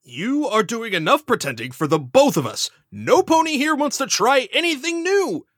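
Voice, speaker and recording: A refined, fussy unicorn lady speaks in a prim, airy way with a lively pitch, as a host plays her. The recording is dry and close. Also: moderate pace, no room sound.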